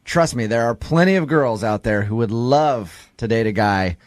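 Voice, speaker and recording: A man's voice: medium pitch, animated, normal speed, no room sound, studio quality. Teasing male radio host. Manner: teasing, laughs often. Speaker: radio morning show host. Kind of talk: radio call-in banter. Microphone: studio microphone.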